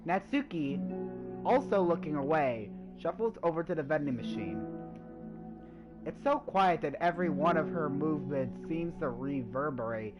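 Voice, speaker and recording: Lively woman reading a game story. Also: low-pitched, moderate pace, music in the background, low-quality recording. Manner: lively, chatty asides between reading. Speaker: let's play host. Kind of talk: reading a visual novel aloud.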